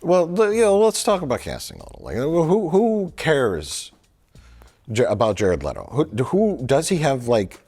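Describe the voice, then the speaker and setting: A man's voice: on the high side, huge pitch swings, a little mellow, breathy edge. A man co-hosting a movie review chat, rambling with lots of fillers and jokes. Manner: rambling, halting, full of fillers; jokey, slips into silly voices. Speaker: film review show co-host.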